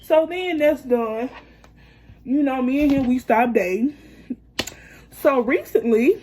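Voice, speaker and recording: A young woman speaks fast and heated in a casual storytime vlog, cursing and quoting both sides of an old argument. Her voice sits fairly high but sounds warm and mellow rather than bright. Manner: heated, profane retelling with quoted back-and-forth.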